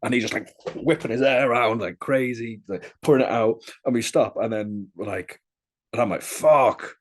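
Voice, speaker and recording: A young man talking casually as a podcast guest, telling stories in a lively, chatty way. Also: medium pitch, moderate pace, a little hiss or hum. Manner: lively, chatty storyteller, often laughing. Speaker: interviewee.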